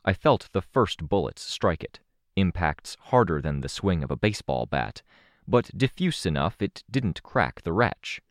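A man reading a first-person action story aloud in a steady, dramatic storytelling manner. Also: low-pitched, unhurried, dry recording, studio quality. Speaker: audiobook narrator. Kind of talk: scripted first-person narration.

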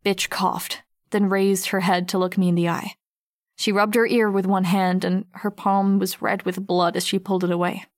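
A wary teenage girl, read by a woman, narrates her own story in an audiobook. The voice is mid-pitched and steady with an edge of tension. The recording is dry and close. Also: moderate pace, no echo, natural voice. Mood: tense. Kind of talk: first-person audiobook narration.

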